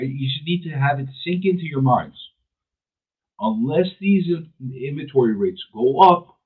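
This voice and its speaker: Heard over tinny radio audio that sounds like a phone line, this New York City man hosts a talk show with a husky voice on the high side. He holds forth in a forceful, opinionated monologue and keeps starting his sentences over.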